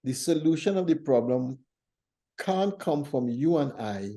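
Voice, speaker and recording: Host for a faith talk show: a man with a deep-toned, very mellow voice who tells stories and teaches in a thoughtful, unhurried way. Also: animated. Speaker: church leader hosting a faith talk show. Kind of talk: reflective conversational teaching.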